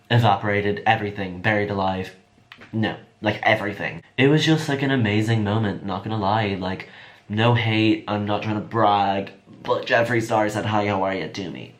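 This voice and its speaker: A young man telling a chatty, excitable storytime vlog. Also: fairly low pitch. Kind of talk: casual storytime.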